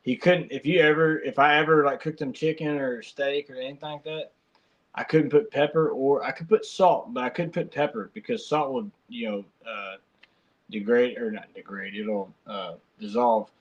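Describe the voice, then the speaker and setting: A man chats on his podcast, wandering through stories and often restarting his sentences. His voice sits at an ordinary middle pitch for a man. He speaks in a loose, everyday style. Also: steady tone, moderate pace, highs cut off. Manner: rambling storyteller, colloquial, many restarts. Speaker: podcast host. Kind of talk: casual chat.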